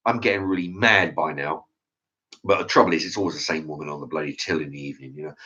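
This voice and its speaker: A man's voice: very deep voice, quick pace, pushed and bright. A man ranting about a shop argument, swearing and acting out both sides of the exchange. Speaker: channel host. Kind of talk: ranting monologue. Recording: dull lo-fi sound.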